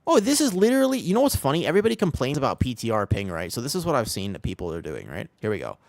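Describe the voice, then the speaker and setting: A young man chats loosely with his stream while gaming, his voice swinging up and down with lots of lively inflection. The sound is close and dry, with no room echo, and keyboard typing clicks along underneath. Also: on the low side, racing, vocal fry. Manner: chatty, rambling, answers chat, talks to himself. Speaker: streamer playing an online game. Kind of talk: casual live-stream chat while gaming. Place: home, in Thailand.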